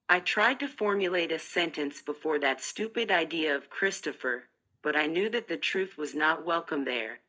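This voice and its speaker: A woman narrating a first-person audiobook in a measured, even reading. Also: low voice.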